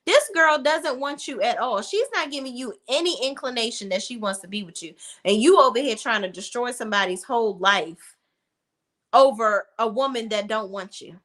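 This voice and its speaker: A young woman talks through a TV episode in a loose, unfiltered way, cursing casually as she gives her take. Her pitch swings freely up and down, so she sounds animated throughout. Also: moderate pace. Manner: blunt and outspoken, with casual swearing. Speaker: TV recap reviewer. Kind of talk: casual TV recap commentary.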